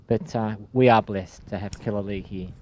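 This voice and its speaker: A man describing his local run course in an interview, steady and halting. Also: fairly low pitch, slight background noise. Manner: steady, hesitant with fillers. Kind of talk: interview answers.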